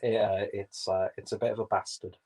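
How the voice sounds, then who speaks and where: A man's voice: lowish voice, level tone, fairly quick, a little mellow, breathy edge, poor audio. A man with an English accent, hosting a casual livestream and reading viewers' comments aloud, rambling and swearing freely. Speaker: livestream host reading chat.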